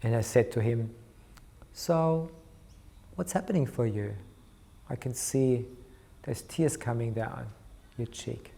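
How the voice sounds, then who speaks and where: A man lecturing on art therapy, recounting a clinical case and acting out the dialogue between therapist and child, growing soft for the tender moments. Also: medium pitch, takes it slowly, creaky, long pauses. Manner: storytelling, softens his voice for tender moments.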